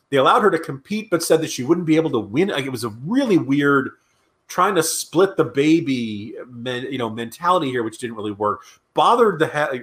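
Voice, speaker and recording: Animated, sarcastic male podcast host. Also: mid-range voice. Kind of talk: casual political chat.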